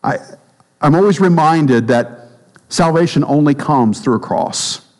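A man preaching a sermon as pastor, emphatic, repeating phrases and dropping low and slow for stress. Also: animated, in a large hall, poor audio.

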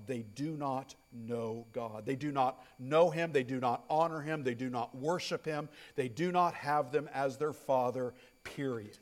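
A male pastor preaching a sermon, emphatic, stressing points through repetition and swinging from loud declarations to hushed asides. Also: mid-range voice. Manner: repeats phrases for stress.

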